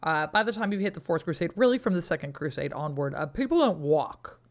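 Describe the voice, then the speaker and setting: A woman leading a relaxed history podcast segment in a storytelling style. She is wry and a little profane, dropping into quick asides that act out the historical figures. Her talk is conversational and unscripted. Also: low-pitched. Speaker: podcast co-host. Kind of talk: casual history explanation.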